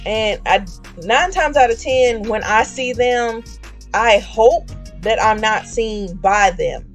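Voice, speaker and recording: A woman's voice: fairly high pitch, takes it slowly, soft background music. A woman streamer telling a story in a chatty way, acting out the voices of the people in it with slang. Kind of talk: casual storytelling.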